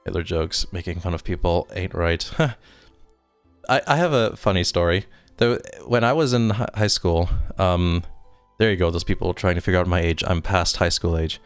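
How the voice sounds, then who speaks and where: A native German speaker from Germany hosts a casual live stream, reading viewer comments and wandering off on tangents with easy chuckles. His low voice sounds smooth and clear on a dry desk mic. Faint music plays underneath. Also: normal speed, dry recording. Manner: rambling and self-deprecating, with frequent chuckles. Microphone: desk microphone.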